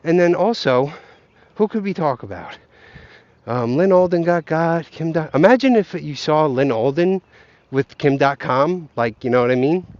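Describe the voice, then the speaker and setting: A vlogger walks along an outdoor path, delivering a profane, rambling comic rant straight to his viewers. His voice is on the high side and expressive, at a moderate pace with a darkish tone. The recording is dry and muffled.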